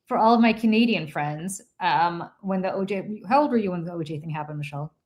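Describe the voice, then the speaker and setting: A middle-aged woman co-hosting a talk show, telling an animated story with laughs and some swearing. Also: on the low side, a little fast. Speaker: podcast co-host. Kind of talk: casual chat.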